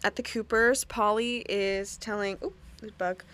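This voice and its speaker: A young woman hosting a podcast, recapping a TV episode in a casual, chatty way, swearing often and laughing through quick asides. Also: mid-range voice, steady tone, a bit bright, clear, resonant tone.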